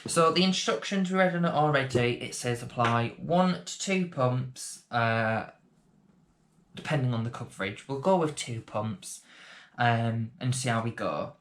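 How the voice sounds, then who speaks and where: A man's voice: medium pitch, measured pace, fairly bright tone. A man chatting casually through a beginner makeup tutorial vlog, rambling with self-deprecating asides. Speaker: beauty vlogger.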